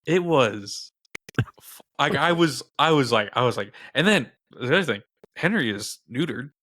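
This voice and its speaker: A young man co-hosting a podcast, telling a story in casual chat, animated and swearing, his voice jumping high when he quotes others. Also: normal speed. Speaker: podcast co-host. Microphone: headset.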